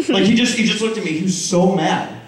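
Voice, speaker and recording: A man on a convention panel tells stories in an animated, laughing way, full of quick asides. His voice sits a little high. He is recorded from far off in a very echoey hall. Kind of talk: casual panel storytelling.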